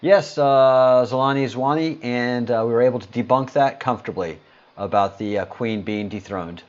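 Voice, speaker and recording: A man's voice: medium pitch, normal speed, dull audio. A man hosting a casual livestream, greeting viewers and answering chat comments in a rambling, hesitant way with lots of fillers. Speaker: livestream host.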